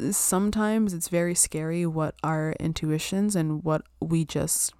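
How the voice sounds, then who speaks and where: A young woman talks in a loose, rambling way, peppering her speech with "like", "um" and the odd swear word. Her voice sits a little low for a woman. It is recorded close and dry, with no room sound. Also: fairly even intonation, measured pace, hardly any pauses, a little mellow, smooth, no room sound. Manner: chatty, full of "like" and "um", swears casually. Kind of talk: casual spiritual self-care chat.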